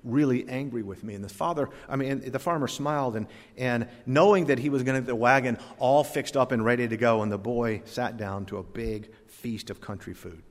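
A man preaching a sermon, swinging from loud emphasis to hushed asides and telling folksy stories. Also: medium pitch, a little fast, hardly any pauses. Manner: tells folksy stories with voiced characters. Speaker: pastor. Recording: long hall reverb.

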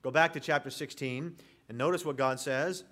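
A man's voice: mid-range voice, normal speed, bright, forceful tone. A man preaching an expository sermon, reading scripture aloud and speaking directly to his congregation. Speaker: pastor.

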